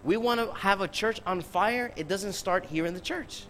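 Male preacher, sermon, emphatic, rhetorical questions, fairly high voice, faint hum. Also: moderate pace, a bit bright, low-quality recording. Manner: emphatic, full of rhetorical questions, addresses the congregation directly.

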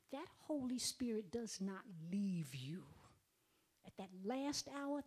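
Woman preaching a testimony, kinda high voice, goes loud then whispery, keeps calling out to the folks listening. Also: slightly rough. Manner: dramatic, swings from loud outbursts to hushed whispers; repeats herself, addresses the audience directly. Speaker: speaker giving a testimony. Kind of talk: emotional sermon testimony.

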